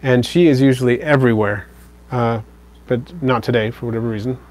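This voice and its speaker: A man hosting a live stream, casually answering viewer comments in a relaxed, rambling way. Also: medium pitch, fairly quick. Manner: relaxed, rambling, with fillers and self-corrections.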